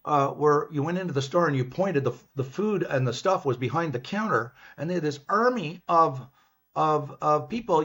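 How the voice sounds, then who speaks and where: An older man with a Canadian accent, a business professor guest in an interview, telling stories in a lively, animated way. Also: fairly high pitch, slightly rough. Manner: lively, animated, acts out his own past lines. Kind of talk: storytelling in an interview. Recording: dull, lo-fi sound.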